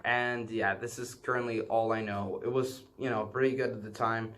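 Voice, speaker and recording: Man, mid-pitched, casual collection vlog, halting and rambling, lots of uhs. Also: steady tone, fairly bright tone. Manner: rambling and hesitant, many filler sounds and self-corrections; apologetic about what he does not know. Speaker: vlogger showing his banknote collection. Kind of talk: casual show-and-tell.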